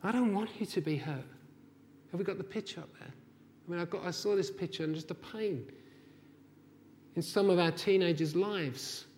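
A man delivers a sermon in a high-pitched voice. He is impassioned, swelling to forceful, near-shouted peaks. His words carry a long reverb from a large hall. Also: normal speed, pauses often, slight background noise. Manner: impassioned, rising to near-shouts when voicing God's anger. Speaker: preacher.

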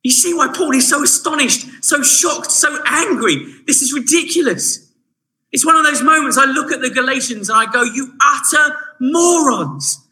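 A man preaching a sermon, animated and shifting from hushed asides to emphatic points. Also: very high voice, normal speed, low-quality recording.

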